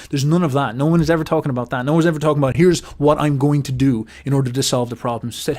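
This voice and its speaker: A man's voice: mid-range voice, fast, hardly any pauses. Emphatic man riffing on philosophy. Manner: emphatic, animated, swears casually, mimics other voices. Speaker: host. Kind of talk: casual philosophical monologue.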